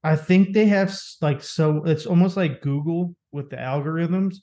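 Young man, podcast co-host, slightly higher voice, profane, jokey banter. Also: normal speed, dark tone. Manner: profane, jokey, laughs often. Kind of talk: crude casual banter.

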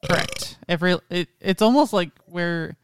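A man's voice: high-pitched, normal speed, clear, resonant tone, no room sound, studio quality. A man co-hosting a casual podcast, correcting pronunciation in a rambling, pedantic way. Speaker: podcast co-host. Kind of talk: casual chat.

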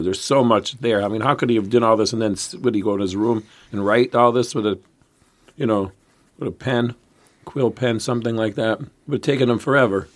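A man co-hosting a history podcast, talking casually at a middle pitch. He rambles and restarts his sentences as he tells the story, in an easygoing chatty way. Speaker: podcast co-host.

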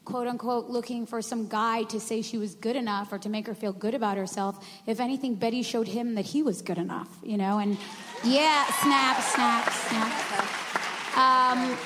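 A woman on a panel, chatting casually and telling stories in a lively, animated way. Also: fairly high pitch. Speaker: panelist, former cast member. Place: large hall with live audience. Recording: reverberant hall with audible background noise.

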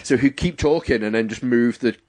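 A young man telling a story in casual chat, acting out what people said with lively quoted voices. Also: mid-range voice, fairly quick. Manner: animated, acts out quotes in voices.

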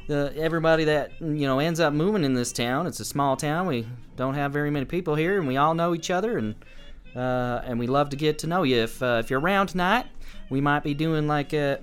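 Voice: medium pitch, a bit bright, smooth, natural voice. A game master voicing a wary, folksy small-town woman who drawls and hesitates through fillers.

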